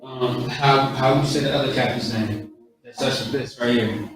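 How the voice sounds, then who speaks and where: A man's voice: medium pitch, fairly even intonation, normal speed, music in the background. A man teaching pronunciation in a coaching, repetitive way, drawing out sounds. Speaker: street teacher. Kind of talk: outdoor pronunciation lesson. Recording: echoey, from far off.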